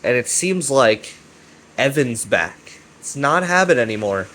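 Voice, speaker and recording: Man, casual commentator, rambling recap delivery, swears and repeats himself, excitable, mid-range voice. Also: medium pitch, a little slow, slight background noise. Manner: excitable, profane, repeats himself and keeps asking "right?". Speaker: YouTube commentator.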